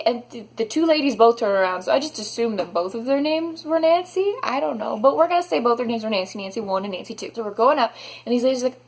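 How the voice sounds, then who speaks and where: A young woman telling a storytime vlog, animated and dramatic, saying "like" a lot. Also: on the high side, fast. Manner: animated, dramatic, heavy use of "like". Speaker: vlogger.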